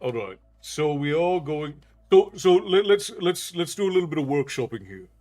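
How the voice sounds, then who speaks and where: Chatty Irish streamer, faint music behind. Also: male voice, fairly high pitch, sing-song, moderate pace, warm tone. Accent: unusual Irish. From Ireland. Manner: chatty, answers viewers' comments aloud. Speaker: storytelling streamer. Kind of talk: live-stream chat with viewers.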